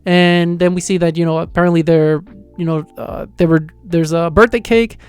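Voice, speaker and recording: Excitable man recapping with a smooth voice. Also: a little high, normal speed, faint music behind. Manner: rambling, filler-heavy, excited storytelling. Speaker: manga reviewer. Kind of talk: casual reaction review.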